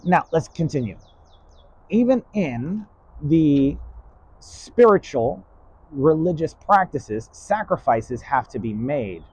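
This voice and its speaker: A man's voice: on the high side, sing-song, slow pace, a little mellow, husky, low-quality recording. A man giving a rambling spoken lesson in a stern, blunt and profane way. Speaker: lecturer.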